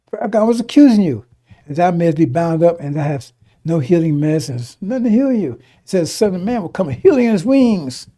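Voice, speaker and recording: A man preaches a sermon in a fairly high, gravelly, husky voice with a dark tone. He reads scripture aloud and then explains it in casual talk, restarting often and frequently asking "right?".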